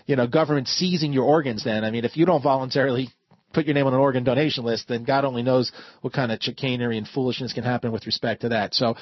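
A man hosting a call-in talk radio show, earnest and quick to cut callers off. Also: medium pitch, steady tone, husky, dry recording, dull audio. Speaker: guest radio show host.

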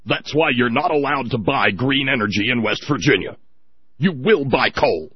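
A man voicing a domineering, preachy coal booster in a loud, commanding, mocking tone. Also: medium pitch, animated, moderate pace, slightly rough, dry recording, voice pushed up. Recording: dry, dull lo-fi audio.

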